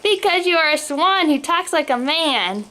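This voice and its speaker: A woman reading a story aloud and voicing an excited, grateful little girl. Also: high voice, moderate pace, voice pushed up. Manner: excited, giggly.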